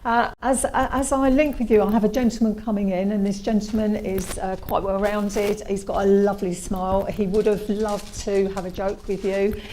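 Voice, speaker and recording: A woman working as a medium, speaking gently and reassuringly with some hesitation. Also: mid-range voice, flat delivery, moderate pace, hardly any pauses, a little hiss or hum. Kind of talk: mediumship demonstration at a service.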